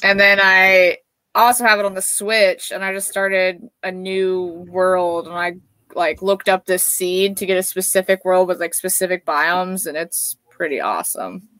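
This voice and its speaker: A woman's voice: fairly low pitch, measured pace, bright, forceful tone, clear, resonant tone, no echo. A woman co-hosting a live stream, chatting casually with short, laid-back replies. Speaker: stream co-host.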